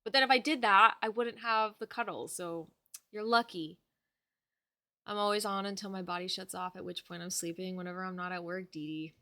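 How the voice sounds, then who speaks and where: A woman's voice: medium pitch, a little fast, pushed and bright. A woman livestreaming from home, chatting casually with her viewers and fussing affectionately over the dog in her lap.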